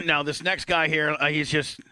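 A man's voice: a little high, flat delivery, normal speed, pushed and bright, no echo. A man hosting a casual show, teasing a guest and joking while talking in restarts and asides. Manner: teasing, rambling with many restarts. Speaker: show host.

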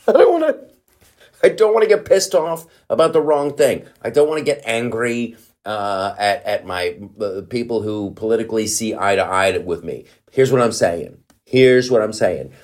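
A man's voice: fairly low pitch, expressive, normal speed, hardly any pauses. A middle-aged man hosting a comedy podcast, ranting in a heated, profane, worked-up way.

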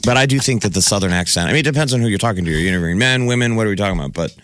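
Wry low-voiced man on morning radio. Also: very fast, a bit bright, dry recording. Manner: wry, chiming in with jokes. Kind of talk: casual morning show banter.

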